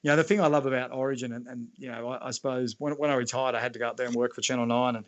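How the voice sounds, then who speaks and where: An Australian man in his forties chats on a podcast at a brisk clip. His voice sits at an ordinary middle pitch. He wanders through long anecdotes, restarting sentences as he goes. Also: fairly even intonation, dull audio. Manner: rambling anecdotes full of "you know" and restarts. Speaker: guest, retired rugby league player. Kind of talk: casual podcast chat, storytelling.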